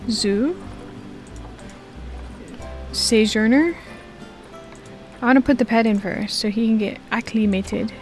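A woman's voice: on the high side, slow, long pauses, a little mellow, soft background music. A young woman giving casual, joking commentary to herself while she plays a game. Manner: chatty, joking, talks to herself. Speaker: gaming video creator.

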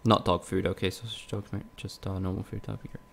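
Gravelly low-voiced male game streamer. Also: flat delivery, quick pace, a little hiss or hum. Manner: frustrated, swears often, casual banter with viewers. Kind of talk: live gameplay commentary.

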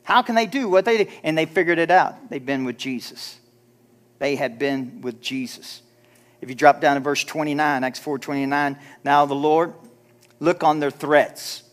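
In a church sermon, a pastor with a medium-pitched voice presses his listeners with emphatic rhetorical questions. He also imitates the people he quotes using mock voices.

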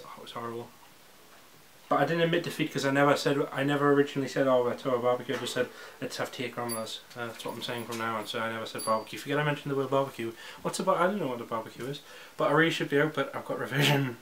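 A man's voice: mid-range voice, a bit bright, a little hiss or hum. Rambling teen boy vlogging. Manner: rambling, self-interrupting, jokey. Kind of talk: casual unscripted vlog. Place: indoors at home.

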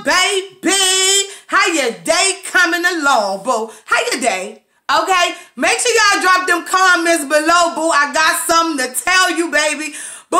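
A woman hosting her own podcast, talking in an emotional, nervous, excitable way and calling listeners baby and boo. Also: high-pitched. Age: adult with children. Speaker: podcast host. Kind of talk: casual motivational talk. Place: Maryland, USA.

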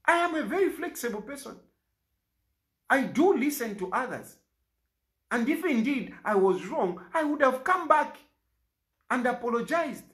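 A man's voice: very high voice, big pitch swings, measured pace, pauses often, fairly bright tone. A Zambian man, an opposition politician, making an impassioned public statement in an aggrieved, pleading way and repeating lines for emphasis.

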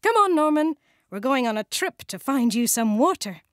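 Woman voicing a calm, kindly grown-up man. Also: high-pitched, moderate pace, dry recording, clean studio sound, voice pushed up. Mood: gentle. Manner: calm, gentle, reassuring. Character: kindly grown-up man who looks after the children.

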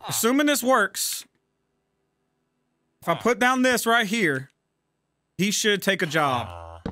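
A man's voice: sits high, sing-song, slow pace, bright, forceful tone. A man giving casual, profane, exasperated commentary while playing a game and talking to himself. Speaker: gaming channel host.

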